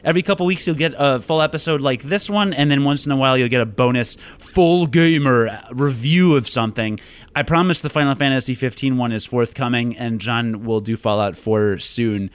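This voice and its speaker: A man co-hosting a casual podcast, full of quick, joking asides about the show. His voice is recorded very close and dry, with no room sound. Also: mid-range voice, smooth, no room sound. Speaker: podcast co-host.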